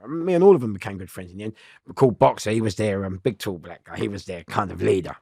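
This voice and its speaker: A man telling a prison story in an interview, animated and swearing, acting out voices and laughing often. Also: fairly low pitch, fast, creaky, slightly rough, no echo, studio quality. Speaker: interview guest.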